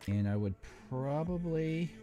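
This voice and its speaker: A man's voice: on the high side, animated, a little slow, mellow, faint music behind. A man hosting a live build stream, chatting casually and rambling, often breaking off mid-sentence and swearing now and then. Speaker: live-stream host building model kits.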